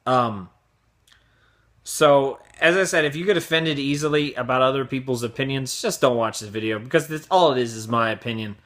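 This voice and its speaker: Bright-voiced man ranting casually. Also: medium pitch, moderate pace. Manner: profane, sarcastic, mocks others in raised voices. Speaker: vlog host. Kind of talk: casual opinion rant.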